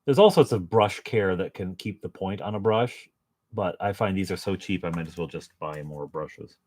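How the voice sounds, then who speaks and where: A man's voice: low-pitched, moderate pace, darkish tone. A man chatting casually to his viewers while painting at home, joking about himself and chuckling often. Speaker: painting vlogger.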